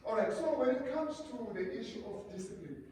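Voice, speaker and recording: High-voiced South African pastor preaching. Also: male voice, moderate pace, a little hiss or hum. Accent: South African, isiXhosa-speaking. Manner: animated, repeats words, mimics a parent calming a child. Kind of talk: sermon at a couples retreat. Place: conference room at a resort. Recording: roomy hall, voice from far off.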